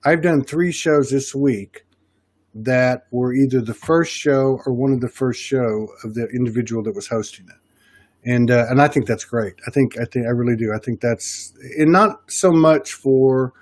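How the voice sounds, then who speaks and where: A man's voice: mid-range voice, normal speed, a little mellow, no echo. A man with a Southern US accent hosting a casual podcast chat, rambling with many restarts. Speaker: podcast host.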